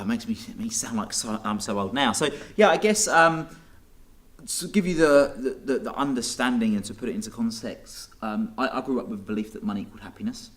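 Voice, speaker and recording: A young man with an Essex accent, a guest coach talking cheerfully in an interview, laughing often. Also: lowish voice. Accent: Essex English. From Essex, England. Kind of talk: casual interview chat.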